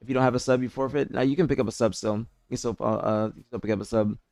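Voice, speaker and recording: Fast-talking man streamer chatting with viewers. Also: mid-range voice, fairly even intonation, vocal fry, darkish tone, no room sound. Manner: rambling, repeats himself, talks straight to chat. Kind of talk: casual livestream chat reading viewer messages. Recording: dry close mic with faint music behind.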